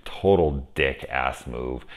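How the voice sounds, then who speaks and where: On camera at home, a man casually reviews a horror film in a rumbling low voice at a slow pace. He rambles, swears freely, and gushes with enthusiasm about the movie.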